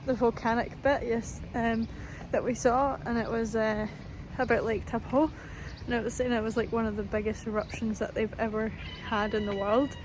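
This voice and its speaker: A young woman vlogs on the go, chatting casually and thinking aloud with fillers and giggles. Her voice sits a touch high, and clear background noise from the surroundings runs under everything she says. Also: level tone, moderate pace, hardly any pauses. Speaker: travel vlogger. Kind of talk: casual chat while sightseeing. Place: walking outdoors and through a museum, filming on a camera.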